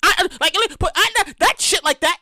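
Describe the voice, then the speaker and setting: A woman's voice: very high voice, brisk, no room sound, clean studio sound. A woman hosting her own podcast in a casual, profane, ranting monologue. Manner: animated, profane, ranting storyteller. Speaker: podcast host.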